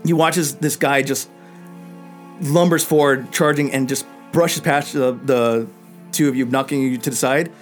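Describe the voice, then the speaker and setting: A man narrating a tabletop game as game master, with many halting fillers. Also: medium pitch, fairly even intonation, soft background music.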